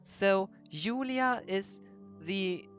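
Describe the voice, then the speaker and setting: Brief: woman streaming a game, slow chatty commentary, faint music behind. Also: mid-range voice, animated. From Germany. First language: German. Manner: chatty, explaining with many fillers. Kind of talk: gameplay commentary.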